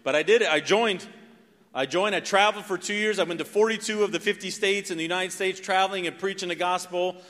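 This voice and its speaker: Speaking quickly in a high voice, a forties-aged preacher from North Carolina recounts his testimony during a sermon. He's animated and keeps saying "right?", while the church sanctuary adds a long hall reverb.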